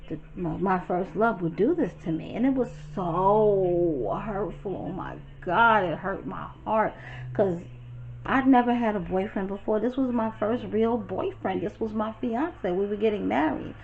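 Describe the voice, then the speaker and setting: Animated New woman telling stories. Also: medium pitch, moderate pace, phone-quality sound, slight background noise. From Brooklyn, New York. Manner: animated, profane, chatty, talks straight to viewers. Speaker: storytime vlogger. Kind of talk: casual storytelling.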